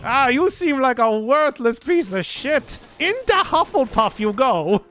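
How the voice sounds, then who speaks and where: A man's voice: very high-pitched, big pitch swings, a little slow, a bit bright, voice pushed up, exaggerated voice. A man voicing a smug, sneering male magic sorting hat, drawing out his insults.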